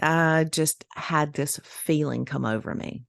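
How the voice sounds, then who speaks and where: Lively woman telling a story. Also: deep voice, unhurried, creaky, no echo, studio quality. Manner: animated, laughing, acts out quoted voices. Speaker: podcast co-host. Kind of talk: casual storytelling chat.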